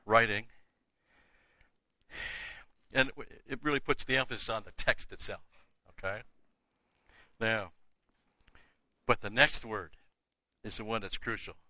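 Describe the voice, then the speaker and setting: A man's voice: on the low side, measured pace, pauses often, sharp tone, dry recording. An older man giving a Bible teaching lecture, emphatic, repeating key words and dropping casual asides. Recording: dull lo-fi dry recording.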